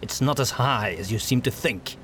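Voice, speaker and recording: A man's voice: medium pitch, moderate pace, fairly bright tone, slight background noise, natural voice. A man voicing a stern older male witch hunter master, curt, sarcastic and domineering. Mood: threatening.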